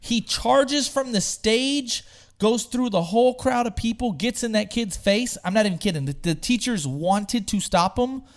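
A young man, chatting casually and telling an animated story, swearing freely and shouting out the voices of the people he quotes. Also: high-pitched, normal speed. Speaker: storyteller guest. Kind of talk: casual podcast chat.

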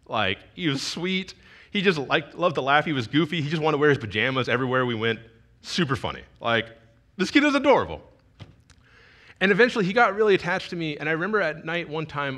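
A man's voice: medium pitch, fairly bright tone. A young man giving a sermon as a youth pastor, telling a personal story in a conversational, emotional way with frequent restarts.

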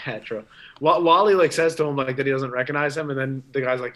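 A man's voice: medium pitch, brisk, fairly bright tone. A man co-hosting a comic book podcast, retelling a story in a rambling, casual way with acted-out quotes. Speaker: podcast co-host.

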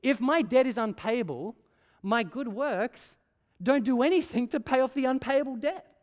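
Preacher in a reverberant hall. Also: male voice, very high-pitched, lively intonation, brisk, a little mellow. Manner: conversational preaching with frequent "right?" checks. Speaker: pastor. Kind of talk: sermon.

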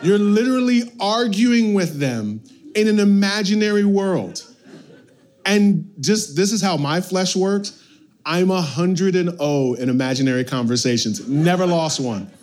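A man preaching a sermon as pastor, animated, swinging from loud bursts to hushed lines. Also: sits high, unhurried.

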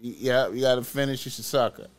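A man's voice: mid-range voice, fairly even intonation, fast. A man streaming reaction commentary, profane and repetitive, stretching key words for emphasis.

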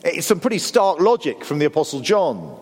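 Middle-aged English pastor, conversational sermon, animated pitch, wry humour. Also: male voice, a little fast, husky, in a large hall. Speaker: preacher.

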